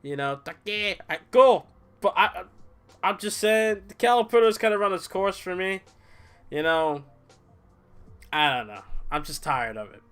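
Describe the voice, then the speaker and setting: A man's voice: sits high, a little slow, long pauses, clean tone, soft background music. A young man casually reviewing a wrestling show on a livestream, rambling, swearing and tired from little sleep. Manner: rambling, animated, swears, mimics people in quotes.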